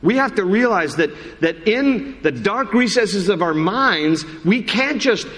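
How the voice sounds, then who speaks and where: A man's voice: high voice, expressive, measured pace, a bit bright. A male pastor giving a conversational sermon, quoting scripture and often restarting his sentences. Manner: conversational preaching with repeated restarts and scripture quotes. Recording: long hall reverb.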